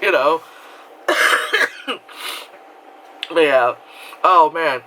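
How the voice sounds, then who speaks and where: A man with a New York accent telling a casual, animated, profane story on his vlog, often laughing. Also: fairly high pitch, slow, pauses often, background noise. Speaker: vlogger.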